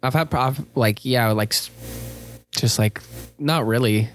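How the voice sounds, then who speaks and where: A young man co-hosting a loose podcast chat, telling stories in a rambling, profane way. He restarts his sentences often. His voice has an average pitch. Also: unhurried. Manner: rambling, sweary storyteller with many restarts. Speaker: podcast co-host. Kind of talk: casual chat.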